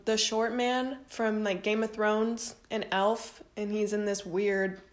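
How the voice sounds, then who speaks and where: A young woman casually recounting a strange dream, rambling with lots of "like" and frequent swearing. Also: mid-range voice. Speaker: vlogger. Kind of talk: casual storytelling.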